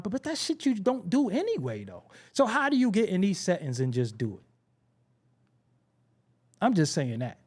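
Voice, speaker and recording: This hip-hop talk show host tells stories in a loose, street-smart monologue, swearing often and peppering it with slang, repeats and emphatic asides. His voice runs on the high side and sounds mellow.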